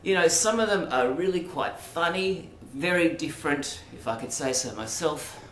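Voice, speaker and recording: A man's voice: fairly high pitch, expressive, moderate pace, a bit bright. An Australian man vlogging in a rambling, hesitant monologue full of ums and asides. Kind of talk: casual monologue to camera. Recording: roomy echo, faint background noise.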